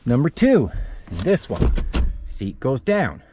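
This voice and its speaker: Standing beside a parked van outdoors, a channel host films a casual how-to vlog, holding the camera in one hand while working with the other and sounding slightly out of breath. His medium-pitched voice swoops wildly and moves slowly as he chats, repeatedly calling viewers "guys." There is noticeable background noise.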